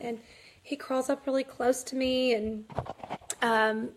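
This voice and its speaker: A woman's voice: on the high side, flat delivery, slow pace, pauses often. A woman in her thirties chatting casually to camera at home, laughing through her story with lots of fillers. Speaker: mother vlogging. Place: home, kids nearby.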